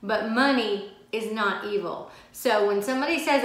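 A woman's voice: medium pitch, normal speed, a bit bright. A woman teaching a Bible study, reading scripture aloud and stressing key phrases with emphatic repetition. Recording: very echoey room.

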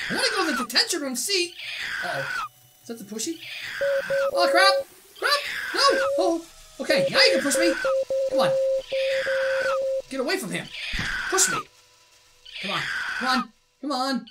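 Excitable high-voiced woman gamer. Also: heavy background noise. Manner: excitable, shrieky, giggly. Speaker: gaming YouTuber. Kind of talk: let's play commentary. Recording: voice over loud game music.

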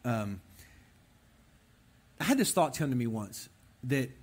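Young male preacher, husky, highly animated delivery that swings up and down, talks straight to the men in the room. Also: slow pace. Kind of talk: conversational sermon.

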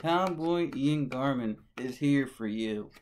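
A man's voice: medium pitch, lively intonation, slow pace, a little mellow, a little hiss or hum, poor audio. A man hosting a devotional video who chants his catchphrase over and over, then reads scripture and gives blessings in an earnest, preacherly way. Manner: sing-song, repeats phrases over and over. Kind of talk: repetitive catchphrase intro, then scripture reading.

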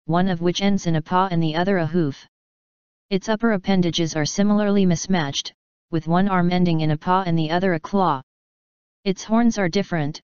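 A woman narrates a story in a calm, even reading voice. Her voice is lowish and very clear. The recording is dry and a bit dull. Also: no echo. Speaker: fanfiction reader.

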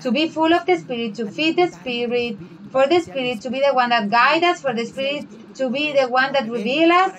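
A woman preaching a fervent sermon in halting English, raising her voice when she quotes Bible figures. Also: high-pitched, fairly bright tone, low-quality recording. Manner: halting, non-native English with restarts.

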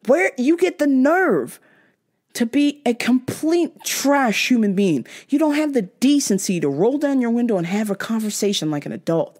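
Young adult woman, podcast host, profane exasperated storyteller, very lively pitch. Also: moderate pace. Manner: animated, mimics others in high-pitched voices. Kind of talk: ranting storytime.

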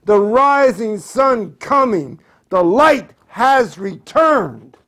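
A man reading his own poetry aloud at home in a measured recitation, repeating phrases as he goes. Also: high voice, big pitch swings, a bit bright. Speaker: poet.

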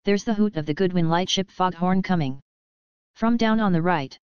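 A woman's voice: fairly low pitch, normal speed, clean tone, dry recording, muffled recording, close to an everyday voice. A woman reading the part of an eager, curious young boy who questions his father in a storybook reading. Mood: questioning.

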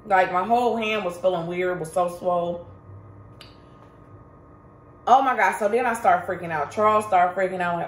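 A woman vlogger recounts a story in an emphatic, chatty way, talking directly to her viewers. Her voice sits a little low, and the recording carries a roomy echo. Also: moderate pace, long pauses. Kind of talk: casual storytime vlog.

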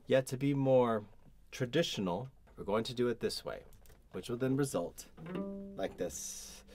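A man teaching a cello lesson, explaining bowing patterns step by step and pausing to demonstrate. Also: medium pitch, expressive, darkish tone, soft background music. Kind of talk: instructional explanation.

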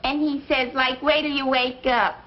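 An actress playing a brash, slangy young receptionist in a 1950s sitcom, talking loud and fast. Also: female voice, flat delivery, natural voice. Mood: chatty. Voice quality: very high, loud, brassy and slangy. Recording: dull, hissy old TV soundtrack.

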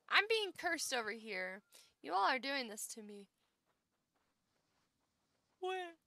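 Bright, lively young woman streamer. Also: sits high, takes it slowly, long pauses, no room sound, faint music behind. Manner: playful, cutesy slang, often laughs and yawns. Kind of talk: casual gameplay commentary.

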